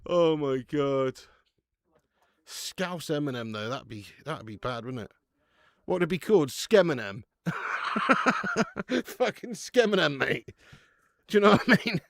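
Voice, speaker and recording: A man hosting a live stream, chatting loosely with his viewers and reading out their messages. His voice sits a bit high for a man, and he laughs and swears freely. The sound is dry and close, with no room around it. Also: very animated, slow, pauses often, fairly bright tone, dry recording. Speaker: live stream host of a football watch-along.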